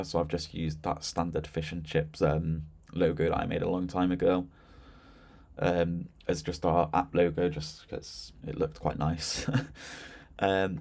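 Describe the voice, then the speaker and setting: A man with a notably deep, low-pitched voice talks through a software demo in an easy, conversational way. He fills gaps with "um" and "so yeah" and never sounds scripted. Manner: relaxed and chatty, with frequent fillers and "so yeah". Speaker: software demonstrator. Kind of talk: casual screen-share product walkthrough.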